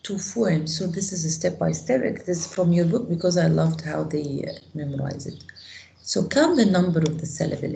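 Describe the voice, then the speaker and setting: A woman's voice: fairly low pitch, moderate pace, creaky, dark tone, a little hiss or hum. A woman teaching English grammar to students in an online class, patiently repeating each word form aloud.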